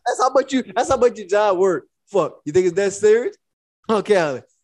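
A man's voice: high voice, animated, brisk, no room sound, studio quality. A young man co-hosting a podcast, telling a profane story and acting out both sides of it. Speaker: podcast co-host. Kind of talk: casual storytelling.

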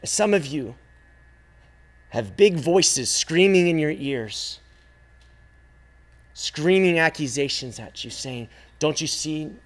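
Youth pastor, male, higher voice, emphatic repetitive preaching with pauses. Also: expressive. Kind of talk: sermon.

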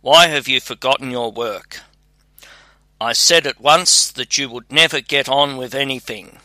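An old woodcutter father who scolds and grumbles, quick to anger, as a man reads him aloud in a storybook. The voice is bright-toned and a little louder than the narration. It stays slow and sounds dry. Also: medium pitch, no echo. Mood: scolding. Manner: scolding, exasperated storybook reading.

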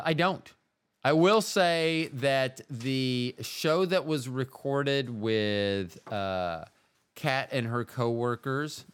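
A man's voice: mid-range voice, a bit bright, clear, resonant tone. A man hosting a solo podcast, talking in a meandering, wry way that keeps interrupting itself. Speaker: podcast host. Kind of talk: rambling solo podcast monologue.

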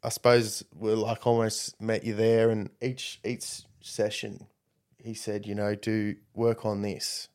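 A man casually recounting a story, rambling and animated when quoting others. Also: fairly low pitch, takes it slowly.

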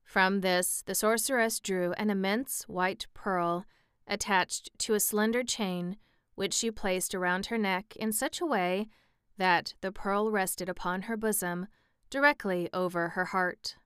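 A woman narrating an audiobook with calm, steady storytelling on a close microphone. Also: medium pitch, a little slow, clean tone, no echo.

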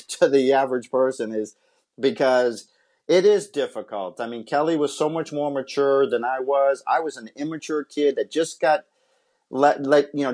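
A man's voice: medium pitch, a little mellow. Earnest man telling his life story. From Massachusetts, USA. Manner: earnest, heartfelt, testimonial. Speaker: interview guest, former pitcher and scout. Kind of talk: personal storytelling in a podcast interview.

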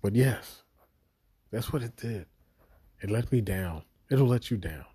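A man's voice: lowish voice, animated, a little slow, mellow, slightly rough. A man giving an exasperated, profanity-laden video review of a series he thinks let him down. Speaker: show reviewer.

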